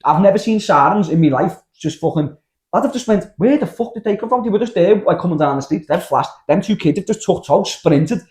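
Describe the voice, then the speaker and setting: A young man with a Scouse accent, telling a story in casual podcast chat, animated and full of slang and swearing. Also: high-pitched, fairly quick. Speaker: podcast host.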